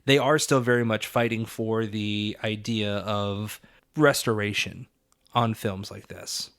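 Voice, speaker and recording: A man's voice: fairly low pitch, steady tone, a little slow, a bit bright. A man co-hosting a film-history podcast in a casual, thoughtful way, with fillers now and then. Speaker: podcast co-host.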